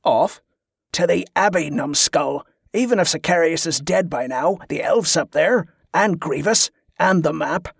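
A man's voice: a little high, measured pace, vocal fry, breathy edge, no echo, studio quality, exaggerated voice. A man playing a blunt, bullying male ringleader who growls orders with scorn. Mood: gruff commanding. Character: gruff bullying male schemer, a leader.

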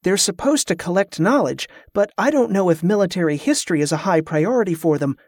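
A man voicing a wry, sharp-witted young woman sailor in a raised voice. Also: high-pitched, lively intonation, brisk, no room sound, studio quality.

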